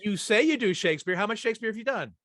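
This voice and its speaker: A man's voice: high voice, expressive, rapid-fire, a bit bright, no echo, clean studio sound. A middle-aged man hosting a casual chat, telling a rambling, anecdotal story full of restarts. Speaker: host.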